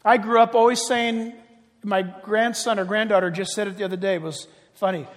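Older pastor guy, pretty high pitched, preaching hard then going quiet and chatty, big reverby church. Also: steady tone, brisk. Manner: impassioned, swinging from loud emphatic cries to quiet chatty asides. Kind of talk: sermon. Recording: long reverb of a large hall.

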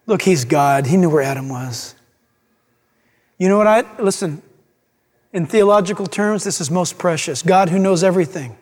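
A man's voice: high-pitched, big pitch swings, moderate pace, in a large hall. A man preaching a sermon with dramatic delivery, acting out the voices of scripture figures.

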